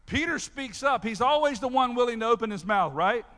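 A man preaching a sermon as pastor, talking straight to his congregation in an animated way. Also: very high-pitched, fairly quick. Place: church sanctuary. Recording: long reverb of a large hall.

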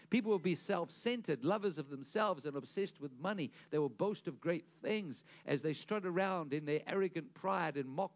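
A man preaching a sermon to a congregation, pushing his voice up for emphasis, asking the room questions and stumbling into restarts. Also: a little high. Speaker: pastor.

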